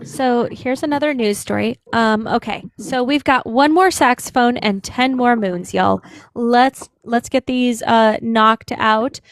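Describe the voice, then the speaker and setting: A woman's voice: a little high, unhurried, no echo. A woman hosting a livestream, reading news aloud and giving casual political commentary. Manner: conversational, hesitant with fillers.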